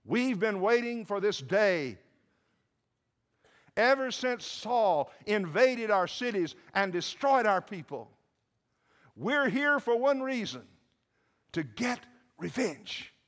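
A man preaching, voicing a vengeful crowd of bitter men in a loud, fierce declaiming voice. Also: sits high, big pitch swings, slow pace, long pauses, pitched above the performer's own voice, full character voice.

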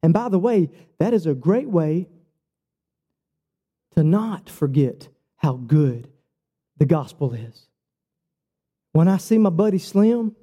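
Animated high-voiced male preacher. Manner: animated storytelling with quoted dialogue; casual, says "bro" and "like". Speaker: pastor. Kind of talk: sermon.

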